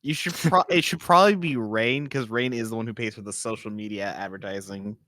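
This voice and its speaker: A man co-hosting a casual podcast, animated and teasing. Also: fairly low pitch, a little fast, no echo, clean studio sound. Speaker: podcast co-host. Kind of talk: casual group chat.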